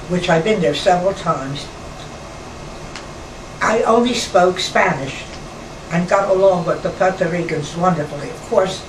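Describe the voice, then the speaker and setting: A woman in her nineties from New York, reminiscing slowly in a rambling conversation with pauses and restarts. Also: lowish voice. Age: 90s. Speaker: interviewee, former nightclub performer. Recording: roomy, distant mic, air-conditioner hum.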